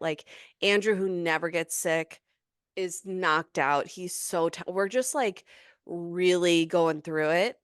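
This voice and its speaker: Pregnant woman in her thirties, podcast co-host, smooth and clear, close dry mic, chatty run-on storyteller. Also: on the low side, a little slow, no echo. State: heavily pregnant. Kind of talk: casual chat.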